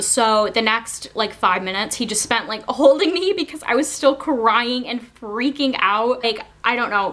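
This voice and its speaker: Young woman vlogger rambling through a storytime, lots of "like", giggly, kinda high voice. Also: fairly bright tone. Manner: chatty, filler-heavy with frequent "like", giggly. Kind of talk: casual storytime.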